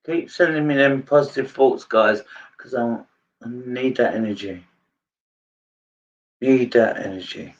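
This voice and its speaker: A man's voice: mid-range voice, a little slow, long pauses, far from the mic, highs cut off. A man giving a live psychic reading, earnest and repetitive in his phrasing. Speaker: medium.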